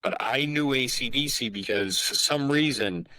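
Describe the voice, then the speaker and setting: A man's voice: mid-range voice, moderate pace, sharp tone, low-quality recording. A man in his sixties, a guest musician in a casual podcast interview, telling rambling anecdotes full of asides.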